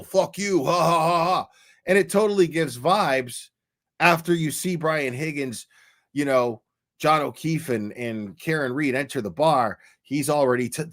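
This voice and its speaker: A man ranting in casual commentary on a stream, swearing a lot and acting out the people he talks about. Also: fairly high pitch. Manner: profane, animated, acts out quoted people.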